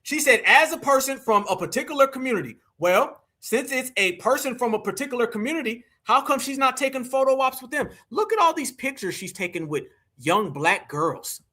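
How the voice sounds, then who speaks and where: High, bright-voiced man preaching to viewers. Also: sing-song, moderate pace, few pauses. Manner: preachy, rallying, talks straight to viewers. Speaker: political livestream host. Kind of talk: livestream commentary.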